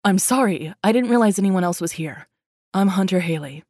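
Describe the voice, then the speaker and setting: A woman voicing a polite, flustered man at his office desk, slightly lower than her own voice. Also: lively intonation, fairly quick, a little mellow, no echo, clean studio sound.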